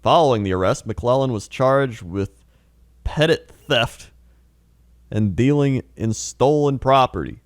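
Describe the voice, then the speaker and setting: A man putting on a low, deadpan voice to read a story like a late-night video narrator. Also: dry recording, clean studio sound, lightly acted. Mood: solemn. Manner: deadpan, slow, low news-reading delivery. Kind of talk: mock news reading.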